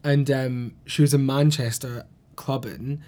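A man with a softened Glasgow Scottish accent, co-hosting a casual podcast chat and telling lively stories with plenty of swearing. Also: mid-range voice, unhurried. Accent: Glasgow Scottish, mellowed. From Scotland, Glasgow. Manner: animated storyteller, swears freely, laughs often. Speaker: podcast co-host.

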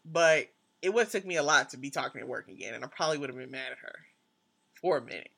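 Fast-talking blunt woman, bright voice. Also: extremely low pitch, expressive, gravelly, breathy edge. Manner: blunt, quick, laughs often. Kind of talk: casual chat.

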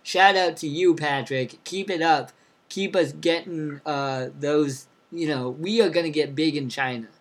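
A man's voice: a little high, measured pace. Upbeat young man co-hosting a podcast. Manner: upbeat, reads out listener cities with shout-outs. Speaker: podcast co-host. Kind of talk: casual chat.

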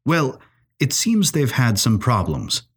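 A man voicing a guarded, sharp-witted young woman investigator who speaks in a measured, dryly wry way. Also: mid-range voice, huge pitch swings, husky, heavily acted.

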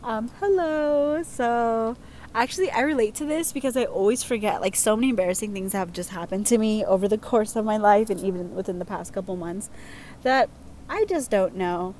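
A young woman hosts a casual chat, reading listener submissions aloud in a giggly, chatty way packed with fillers. Her voice sits at medium pitch with a darkish tone, moves at normal speed, and has slight background noise behind it.

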